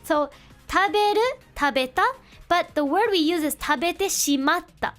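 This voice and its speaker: A woman's voice: very high voice, normal speed, a bit bright, soft background music. A woman streamer explaining Japanese translation in a casual, playful, chatty way, full of fillers and tangents. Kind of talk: casual streamed language lesson.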